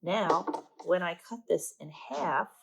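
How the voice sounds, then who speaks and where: Woman, art teacher, gravelly, lowish voice, chatty craft demo. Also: lively intonation, takes it slowly, low-quality recording. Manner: chatty and self-deprecating, talking while working. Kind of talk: step-by-step craft demonstration.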